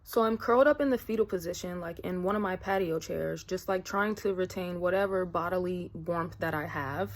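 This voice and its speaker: A woman's voice: fairly low pitch, normal speed, hardly any pauses. A woman vlogger telling a personal story in a casual, rambling way, full of fillers. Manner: chatty, rambling, many fillers.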